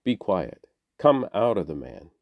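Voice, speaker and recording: A man voicing Jesus as a calm, commanding male teacher in a scripture reading. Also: low-pitched, measured pace, no echo, dull audio.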